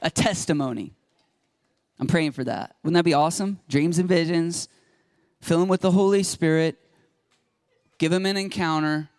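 A man preaches a sermon in a casual, storytelling way, tossing chatty asides to his congregation. His voice sits a little high for a man. The sound is dry and close. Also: normal speed, pauses often, a little mellow, no room sound. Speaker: pastor. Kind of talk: conversational sermon.

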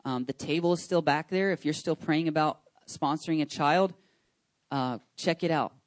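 Excitable pastor, slightly high voice. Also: male voice, moderate pace, dry recording. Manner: chatty, rambling with many fillers and restarts; enthusiastic, excitable. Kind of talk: casual church announcements. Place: church service.

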